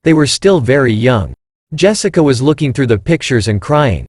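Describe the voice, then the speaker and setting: Man, story narration, lively pitch, dry close sound. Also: normal speed, slightly rough, dry recording.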